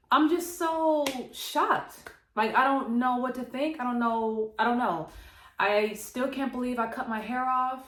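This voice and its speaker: A young woman vlogging to her camera, emotional and hesitant, sighing and laughing between her thoughts. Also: a little high. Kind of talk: emotional personal vlog to camera. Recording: echoey room.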